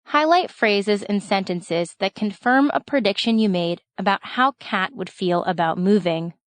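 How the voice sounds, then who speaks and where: A woman reads a school lesson aloud in a clear, instructional way, with a mid-pitched voice. The recording is dry and close, with no room sound. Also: unhurried, no room sound. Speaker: reader of a school reading lesson. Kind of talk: reading a story aloud with lesson prompts.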